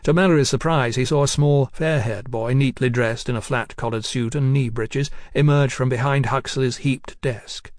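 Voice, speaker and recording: A man reading a novel aloud at a steady, measured pace, his voice in the middle of the male range. The recording is close and completely dry, with no room sound. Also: mid-range voice, no room sound. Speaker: audiobook narrator. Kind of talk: scripted narration.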